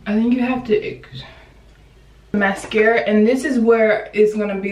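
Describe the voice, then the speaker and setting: A woman's voice: mid-range voice, fairly even intonation, moderate pace, darkish tone. A young woman talks through her makeup routine in a loose, chatty way, drifting into playful asides. Her voice sits in the middle range and comes across a little distant, with a roomy echo around it. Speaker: beauty vlogger. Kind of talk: casual makeup tutorial chat.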